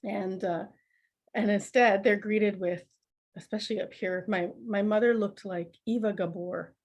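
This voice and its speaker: A middle-aged woman, a podcast guest telling family stories in a lively, laughing, conversational way. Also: mid-range voice, a little slow, lo-fi sound. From Canada. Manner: laughs often, animated anecdotes with acted quotes. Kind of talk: conversational storytelling.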